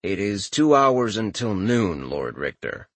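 A man voicing a floating servant spirit who speaks in a flat, formal, deadpan way. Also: lowish voice, measured pace, no room sound, voice pushed down, exaggerated voice.

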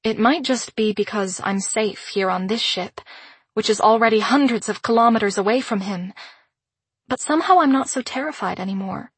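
A woman narrating a first-person audiobook in a measured, introspective way. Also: mid-range voice, slightly rough, dry recording.

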